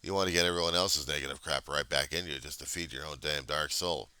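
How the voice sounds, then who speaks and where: Low, gravelly male voice, blunt sarcastic talker, lively pitch, dry close sound. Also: quick pace, no echo. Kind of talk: casual chat.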